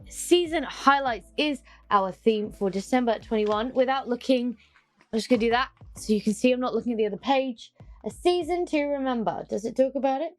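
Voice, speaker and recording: A young woman, chatting excitedly through an unboxing and humming little tunes as she goes. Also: fairly high pitch, normal speed, soft background music. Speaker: unboxing vlogger. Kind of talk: casual unboxing chat.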